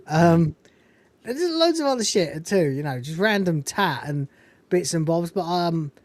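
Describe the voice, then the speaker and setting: A woman's voice: low-pitched, a little mellow, no echo. A woman, co-hosting a fan review show and chatting casually with many ums while recapping scenes. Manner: chatty, frequent ums and swearing, acts out the characters' quotes. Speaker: podcast co-host reviewing a TV episode.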